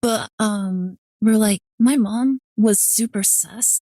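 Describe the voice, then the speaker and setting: A woman streamer chatting casually and telling a long story, rambling with "like" in nearly every phrase and dropping into a lower voice when she quotes people. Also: mellow, no echo, clean studio sound. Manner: rambling, fills every pause with "like". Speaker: VTuber streamer.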